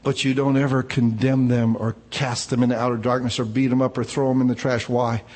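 A man's voice: medium pitch, little pitch movement, brisk, a little mellow, big-room sound. A male pastor preaching a conversational sermon, telling personal stories in a casual, informal way. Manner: informal, personal storytelling, frequent "man" asides.

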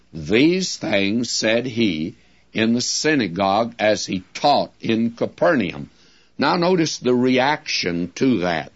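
A man teaches from Scripture at a very unhurried pace, earnest and plain-spoken. His voice sits on the lower side. The old recording sounds dull and muffled. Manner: slow, earnest, plain-spoken, stresses quoted words. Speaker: Bible teacher. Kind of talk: radio Bible teaching.

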